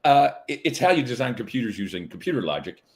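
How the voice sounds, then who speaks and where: A middle-aged man talks casually as a comedian guest, stopping and restarting his sentences with lots of fillers. His pitch bounces around a lot as he tells his stories. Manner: animated, halting with many fillers and restarts. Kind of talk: casual interview chat.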